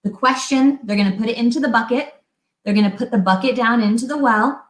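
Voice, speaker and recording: A woman co-hosting a fitness talk, giving chatty, animated relationship advice and acting out little quotes. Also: a little high, a little fast. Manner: chatty, animated, laughs often, acts out quotes. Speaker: fitness coach co-host. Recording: echoey room.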